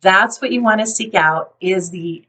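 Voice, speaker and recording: A woman psychologist calmly explaining parenting and resilience, now and then acting out a worried parent. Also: medium pitch, far from the mic, poor audio. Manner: calm, explanatory, acts out worried parents in quick asides. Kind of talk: talking to camera about parenting.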